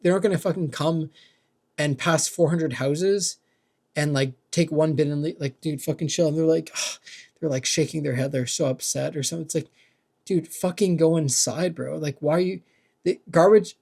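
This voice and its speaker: Complaining about the people next door, this young man's voice is a little high, creaky, and darkish, moving at a moderate pace. The rant is rambling and profane, and "like" and "dude" turn up in every sentence.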